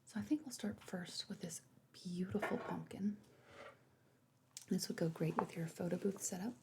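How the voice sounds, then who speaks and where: A woman voicing an attentive female party planner in a whispered role-play, softly reassuring as she shows decorations. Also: fairly low pitch, fairly even intonation, moderate pace, vocal fry, noisy background. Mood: gentle. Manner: soft, reassuring sales talk.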